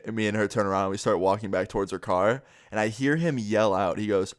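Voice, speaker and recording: A man's voice: lowish voice, fast, no room sound, clean studio sound. A young man telling a story to his vlog audience in a casual way, acting out the lines of the people in it. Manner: animated retelling, acting out quotes.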